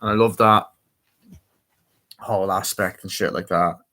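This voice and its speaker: A man's voice: low voice, steady tone, a little slow, bright, forceful tone. A young man casually reviewing a movie, rambling with many fillers and swear words as he eagerly retells scenes. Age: young adult.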